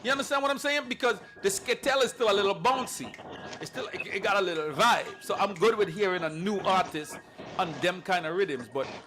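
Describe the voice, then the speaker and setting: A man co-hosting a casual talk show, opinionated and animated, often beatboxing rhythms to make his point. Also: high-pitched, a little fast, a little hiss or hum. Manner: animated, mimics rhythms with beatbox sounds, swears. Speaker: podcast co-host. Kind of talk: casual chat about sound clashes.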